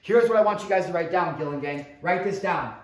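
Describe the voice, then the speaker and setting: A man in his thirties giving a motivational talk, telling a personal story with emphatic swings between hushed and loud delivery and casual swearing. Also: high-pitched, animated, brisk. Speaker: motivational speaker. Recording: echoey room.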